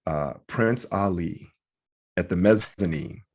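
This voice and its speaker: A man co-hosting a podcast, a comedian telling animated anecdotes and acting out voices in them. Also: low-pitched, takes it slowly, slightly rough. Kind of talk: casual storytelling chat.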